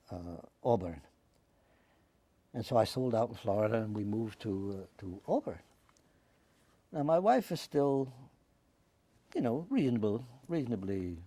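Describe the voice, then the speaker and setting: A man, telling his life story in a rambling, halting way in an oral history interview. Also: lowish voice, mellow, no room sound. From Staten Island, New York. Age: 90s. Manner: rambling, halting, with many restarts. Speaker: interviewee, WWII veteran.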